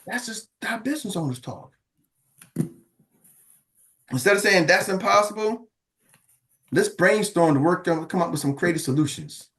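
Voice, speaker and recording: A man's voice: on the high side, expressive, normal speed, long pauses, a bit bright. A middle-aged man giving a motivational business talk to an audience, calling out questions and acting out quoted voices. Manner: preacher-like, calls out to the audience; acts out quoted voices of others. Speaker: business coach.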